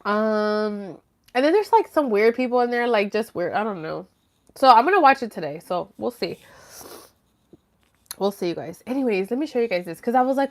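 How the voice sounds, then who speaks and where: A woman's voice: medium pitch, expressive, fairly quick. A woman hosting a casual live stream from home, chatty and rambling, swearing freely. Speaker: livestream host. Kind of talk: casual livestream chat.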